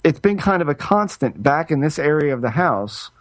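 A man's voice: on the high side, big pitch swings, normal speed, dry recording. A middle-aged man, a podcast co-host, chatting casually and telling a story in a rambling way, often stopping to restart his sentences. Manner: rambling, self-interrupting storyteller with frequent restarts. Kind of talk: casual chat.

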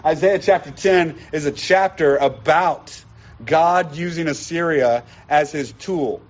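Brief: male pastor, fairly high voice, emphatic sermon delivery, dull lo-fi recording. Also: unhurried. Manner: emphatic teaching, repeats key lines. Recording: dull lo-fi sound.

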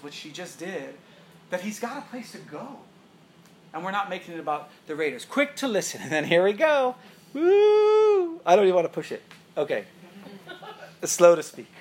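A middle-aged man preaching a sermon as pastor, animated and joking, often laughing. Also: high voice. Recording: roomy echo, faint room noise.

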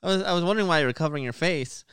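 A man co-hosting a casual racing podcast, chatting and reading race results in a relaxed way. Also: on the high side, very fast, smooth, dry recording, clean studio sound. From United States. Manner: announcer-style intro, then relaxed chat reading results. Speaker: podcast co-host.

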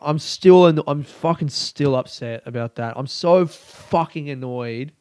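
A young man talks on his own podcast in a fairly high, lively voice. He rambles, swears freely and winds himself into mock fury. The recording is close and dry, with no room around it. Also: measured pace, no echo. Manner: rambling, sweary, mock-angry with bursts of laughter. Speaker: comedian and podcast host. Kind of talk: casual solo podcast monologue.

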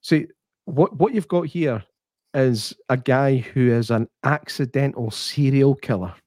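Scottish male podcast co-host, sweary, animated storyteller, dry close sound. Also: medium pitch, measured pace, no room sound. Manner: sweary, animated storyteller who acts out quotes. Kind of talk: casual chat.

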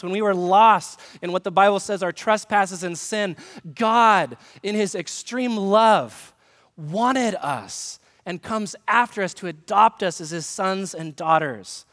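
A man's voice: sits high, a bit bright, in a large hall. A man, a pastor, giving a conversational sermon with humor and direct questions to the congregation. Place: church sanctuary.

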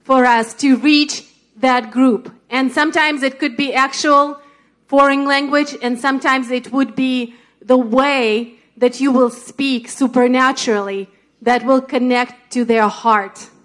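A woman's voice: high-pitched, fairly even intonation, unhurried, a bit bright. A woman with a Russian accent sharing earnestly and personally in a sermon. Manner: earnest, personal, laughs at herself.

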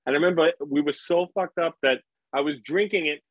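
A man's voice: a little high, brisk, no room sound, dull audio. A man in a casual chat, chiming in with his own memories.

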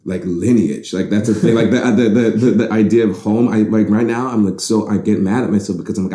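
A man's voice: fairly low pitch, brisk, hardly any pauses, dark tone. A young man from the Bahamas in casual conversation, talking reflectively and rambling with frequent restarts. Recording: roomy echo.

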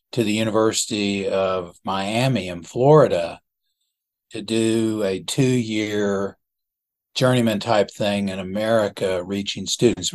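Older man in his 70s, slow and chuckling, retelling old days as an interview guest. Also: on the low side. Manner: unhurried, chuckling, self-deprecating. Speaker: ministry founder as guest. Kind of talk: reminiscing storytelling in an interview.

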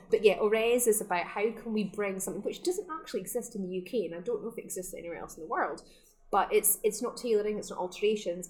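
A woman with a fairly low-pitched voice, captured in a rough recording, chats enthusiastically and laughs often during a casual interview. She runs a sustainable fashion shop and is speaking from inside it, in the Scottish Highlands.

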